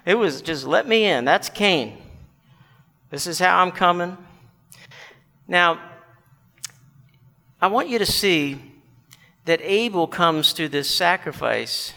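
A man's voice: a little high, gravelly, sharp tone. A man preaching a sermon, earnestly questioning his listeners and telling illustrations. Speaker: pastor. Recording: long hall reverb.

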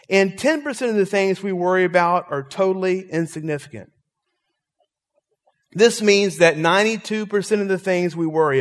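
A man's voice: high voice, in a large hall. A man preaching a sermon as pastor, telling stories and making emphatic points to his congregation. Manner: storytelling, emphatic, animated preaching.

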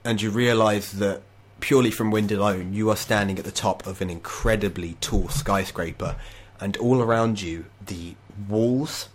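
Low voiced guy running a tabletop game over a call, halting descriptive narration. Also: fairly even intonation. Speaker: game master. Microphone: online call.

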